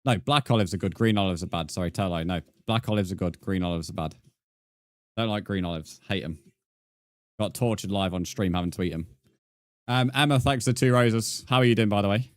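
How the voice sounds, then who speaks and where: Low-voiced streamer chatting with viewers. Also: male voice, a little fast, dry recording, clean studio sound. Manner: chatty, reads and answers chat messages, laughs often. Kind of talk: casual live-stream chat.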